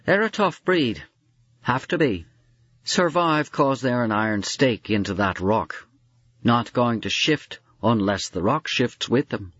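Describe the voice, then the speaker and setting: A man's voice: medium pitch, lively intonation, measured pace, fairly bright tone, no room sound, muffled recording, pitched above the performer's own voice. A man voicing a chatty male goat who chatters and chuckles at his own wit. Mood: wry.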